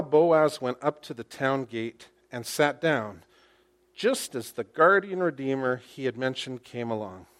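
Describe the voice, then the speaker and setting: A man preaches a sermon to a congregation in a church. He has an engaging, animated way of telling a story. He poses rhetorical questions and slips in wry humor. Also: medium pitch. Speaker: pastor. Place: church, speaking to a congregation with slides.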